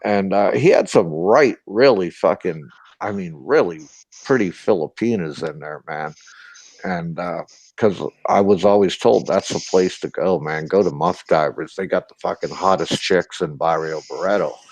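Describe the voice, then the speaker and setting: A man's voice: sits low, normal speed, a little mellow, no echo. An older man with a Boston accent, a former sailor telling profane, boisterous stories in a casual chat. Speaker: ex-sailor storyteller.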